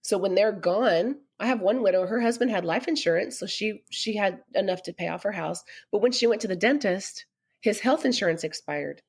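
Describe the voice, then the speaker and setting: A woman's voice: mid-range voice, moderate pace, slightly rough. A middle-aged woman, a podcast guest, telling personal stories candidly and animatedly, laughing often as she talks. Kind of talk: candid conversational storytelling.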